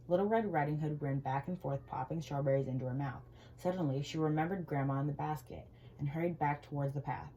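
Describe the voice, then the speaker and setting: A woman reading a children's storybook aloud with gentle, expressive storytelling. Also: low voice, a little fast, a little hiss or hum, rough recording.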